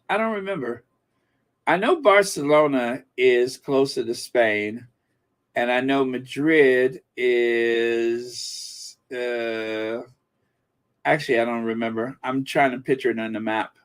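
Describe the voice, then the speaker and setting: A man with a medium-pitched voice hosts a casual live stream, musing aloud and reading viewer comments, full of fillers and restarts.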